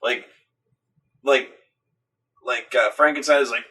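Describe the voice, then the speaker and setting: A man in casual chat, excitable and profane, recapping a film with stammering restarts and acted-out grunts. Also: medium pitch, slow. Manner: excitable, acts out scenes with loud grunts and shouts. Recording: voice from a distance from the mic.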